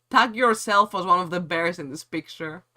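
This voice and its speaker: A man's voice: high-pitched, expressive, normal speed, bright, forceful tone. A man streaming a game and chatting casually with his viewers in a playful, giggly way.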